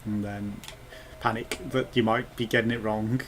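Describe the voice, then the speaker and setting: A man's voice: on the low side, flat delivery, normal speed. A man giving casual gameplay commentary as a let's play gamer, chatty and thinking aloud with muttered asides.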